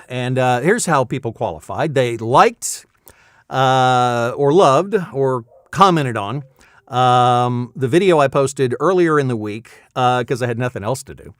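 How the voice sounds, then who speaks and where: A voice actor in his fifties hosts his weekly vlog from an insulated home booth, chatting playfully before breaking into hammy, mock-announcer game-show hype for a giveaway. His mid-range voice is fairly bright and lively in intonation, unhurried, with clean studio sound and no echo.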